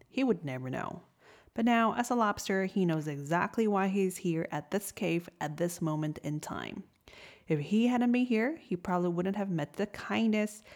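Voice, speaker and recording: A woman reading a storybook tale aloud in a gentle, soft-spoken way. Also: lowish voice. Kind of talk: storybook narration.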